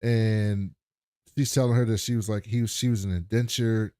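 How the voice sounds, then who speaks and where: A man's voice: fairly low pitch, fairly even intonation, moderate pace, dark tone, smooth, no room sound, studio quality. A man co-hosting a podcast, animatedly retelling an episode and acting out the quotes in a casual chat. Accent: American. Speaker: podcast co-host.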